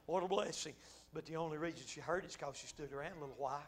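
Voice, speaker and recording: High-voiced preacher, hushed to shouting. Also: male voice, rapid-fire, slightly rough. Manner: swings from hushed asides to shouted exclamations, laughing. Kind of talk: sermon.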